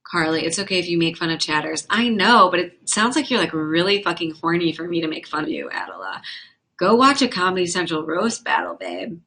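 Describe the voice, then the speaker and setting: A young woman hosts her own livestream, reading viewer comments aloud and answering them on the spot. Her voice sits a little low but sounds bright and forward. She talks in a chatty, frank rush and swears without a second thought. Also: very animated. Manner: chatty, quick, frank and profane, reacts to chat. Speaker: livestream host and comedian.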